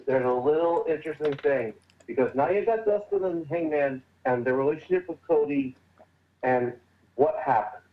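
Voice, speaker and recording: A man's voice: a little high, normal speed, narrow, tinny audio. A man co-hosting a podcast, chatting casually and reacting. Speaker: podcast co-host. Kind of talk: casual chat.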